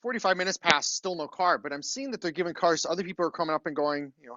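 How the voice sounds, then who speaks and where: A middle-aged university lecturer races through a chatty classroom story, his slightly high voice sharp in tone and his speech full of "okay?" check-ins. The recording is lo-fi with no echo.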